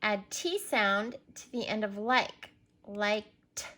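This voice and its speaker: A woman's voice: medium pitch, animated, slow pace, bright, forceful tone. A woman teacher giving a recorded reading lesson to young children, patiently prompting and spelling words out letter by letter.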